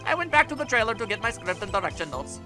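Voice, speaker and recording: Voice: mid-range voice, quick pace, faint music behind. Ein Sprecher leiht einer kühlen, herablassenden Zeugin in einem Videospiel die Stimme, mit flachem, verächtlichem Ton und einem misslungenen fremden Akzent. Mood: dismissive. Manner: flat, condescending, with a failed foreign accent. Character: cold, dismissive woman witness.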